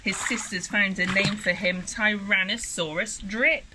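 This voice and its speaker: A young woman, a swimming teacher, reading a rhyming picture book aloud at a pool in a lively, rhythmic way. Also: medium pitch, unhurried, noisy background. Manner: lively, rhythmic, sing-song storytelling.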